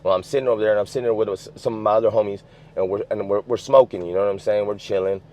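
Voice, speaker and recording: A man's voice: on the low side, steady tone, very fast, a little mellow. A man from the US West Coast telling a story in casual, streetwise slang, swearing freely and filling with "you know what I'm saying". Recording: dull lo-fi sound.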